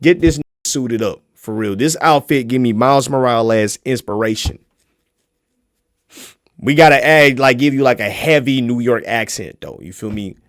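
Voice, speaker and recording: A man streaming, giving crude, joking commentary as he reacts to a video, swinging from loud outbursts to mumbled asides. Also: medium pitch, normal speed, no room sound, studio quality.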